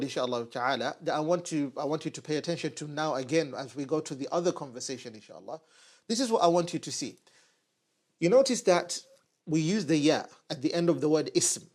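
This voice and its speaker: A man with a fairly high-pitched voice teaches a lesson at a whiteboard, explaining each phrase as he writes it. He repeats words slowly and patiently, drilling them for the learner. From United Kingdom. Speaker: Arabic teacher.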